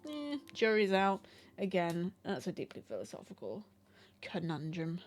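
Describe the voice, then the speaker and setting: A woman's voice: on the low side, huge pitch swings, normal speed, a little hiss or hum. A woman chatting casually to her live stream audience, rambling and self-deprecating, laughing often.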